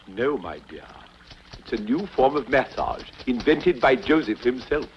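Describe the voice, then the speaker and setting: An actor playing a fussy, easily flustered rich Egyptian lord who blusters and hedges. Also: male voice, medium pitch, big pitch swings, unhurried, lo-fi sound, a little hiss or hum.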